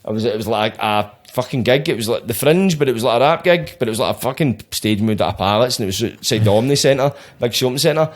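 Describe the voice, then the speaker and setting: A Scottish man hosting a podcast in casual chat, sweary, rambling and animated. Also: medium pitch, fast talker, hardly any pauses. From Scotland. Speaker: podcast host.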